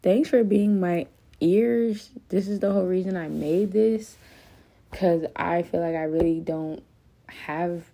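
Her voice is lowish, gravelly and warm, and she takes a slow pace as this young podcast host vents alone. The confessional ramble is full of cursing and fillers like "like" and "um."

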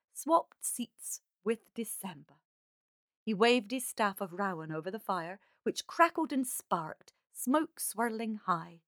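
A woman reading a fairy tale aloud as a calm, measured storyteller. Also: medium pitch, no echo, studio quality.

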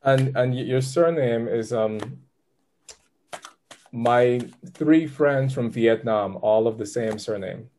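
A man's voice: mid-range voice, slow, warm tone, slight background noise. A man giving a live tarot reading to a client, upbeat and chatty, with patient step-by-step directions. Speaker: tarot reader.

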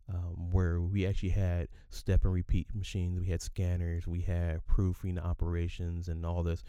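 A man's voice: low-pitched, monotone, moderate pace, hardly any pauses, dark tone, smooth, dry recording, clean studio sound. A man in his fifties telling a casual work story as a podcast host, chatty and often checking in with his listeners.

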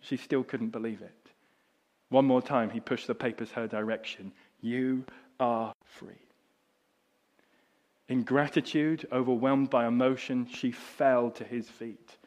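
A middle-aged man preaching a sermon, telling a story that drops soft and low and then rises loud and high. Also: steady tone, normal speed, dull audio. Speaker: pastor.

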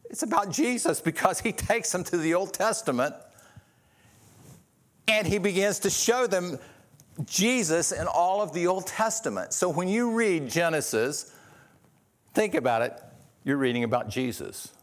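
A man's voice: high-pitched, expressive, unhurried, pauses often. A man preaching a sermon as pastor, earnest, asking rhetorical questions and often restarting his sentences.

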